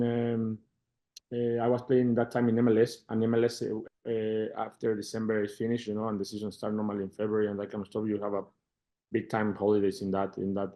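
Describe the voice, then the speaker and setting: A middle-aged man with a Mexican Spanish accent, a football manager answering interview questions in halting English, repeating words and getting animated when he retells conversations. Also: lowish voice.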